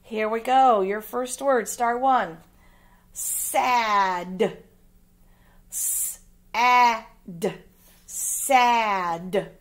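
Slow, patient higher-voiced woman teacher. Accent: American Midwest. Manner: slow, patient, spells words out letter by letter. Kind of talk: phonics lesson for young children.

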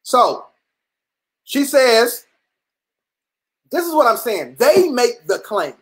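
A livestream host giving blunt, profane, combative commentary that keeps restarting and rises into near-shouts. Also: medium pitch, big pitch swings, takes it slowly, slight background noise, rough recording. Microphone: computer or phone mic on a live stream.

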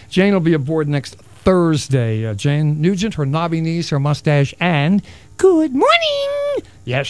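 A man's voice: fairly high pitch, a little mellow, dry recording. A middle-aged man hosting a solo radio talk show, rambling and wisecracking with self-mocking asides. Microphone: studio broadcast mic.

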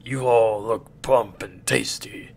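A man voicing a big, greedy male dragon who speaks in a slow, gloating way. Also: on the low side, fairly even intonation, vocal fry, husky, voice pushed down, exaggerated voice.

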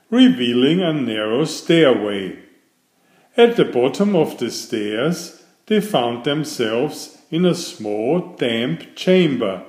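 A man reading a fairytale aloud in slow, expressive, scripted storybook narration. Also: mid-range voice. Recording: echoey room.

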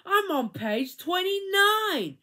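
Woman doing a bratty little schoolgirl, high, slow and mocking, bouncy storybook voice. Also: very animated, a bit bright, full character voice. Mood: taunting. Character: loud, bratty schoolgirl who taunts a classmate.

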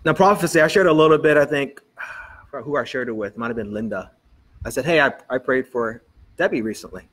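A man's voice: medium pitch, fairly quick, a bit bright, slightly rough. A middle-aged man preaching as a pastor, telling a personal story in church and acting out the dialogue as he goes. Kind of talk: storytelling sermon.

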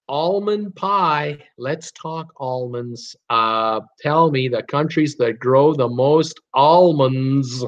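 A man hosting a casual live-stream quiz, his voice sitting a bit higher than most men's. He talks in a chatty, encouraging way and fills gaps with frequent "uh" and "um". The stream audio is dull and lo-fi. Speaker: host of a live trivia stream. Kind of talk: casual live-stream quiz, reading viewer guesses aloud.

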